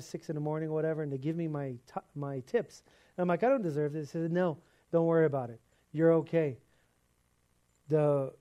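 Middle-aged male preacher, casual storytelling sermon, a bit high-pitched and warm. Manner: conversational storytelling, animated quoting.

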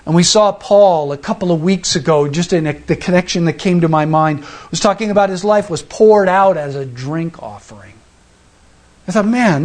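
A man preaching a sermon in a conversational, storytelling way, often restarting his sentences. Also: on the high side. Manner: conversational, acts out the people in the story; frequent restarts and fillers. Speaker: pastor.

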